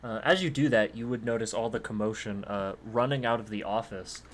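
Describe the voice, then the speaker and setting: A man's voice: fairly low pitch, brisk, a bit bright. A man narrating as game master in a rambling way, with many fillers.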